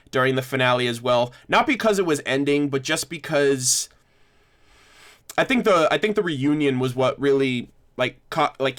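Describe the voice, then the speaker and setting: A man's voice: mid-range voice, fairly bright tone. A young man hosting a casual livestream discussion, rambling with many restarts as he thanks viewers. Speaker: livestream host.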